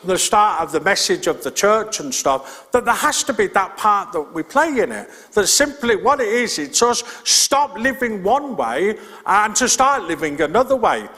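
A man's voice: sits high, sing-song, moderate pace, pushed and bright, big-room sound. A male pastor preaching a sermon in an earnest, plain-spoken way, repeating his key points. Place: church.

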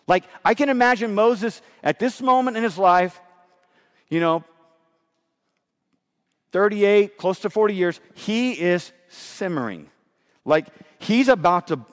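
A male pastor delivering an emphatic, animated sermon, often repeating his phrases for weight. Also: sits high, long reverb tail.

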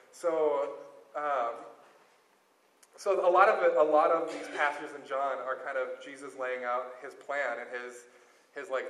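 A man's voice: medium pitch, steady tone, normal speed, a bit bright. A man giving a casual Bible teaching, chatty and loose, with lots of fillers. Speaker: Bible talk speaker. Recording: roomy echo.

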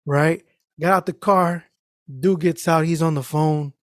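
A man telling a story in casual podcast chat, animated and profane, acting out the people in it. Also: on the high side, measured pace, dry recording, studio quality. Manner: animated, profane, acts out the people in his stories.

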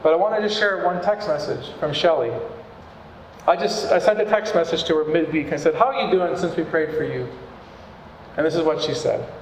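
A pastor with a fairly high voice delivers a sermon to his church, sounding earnest and conversational at a normal speed. His words echo through a large hall with long, lingering reverb, over faint room ambience and a little hiss or hum.

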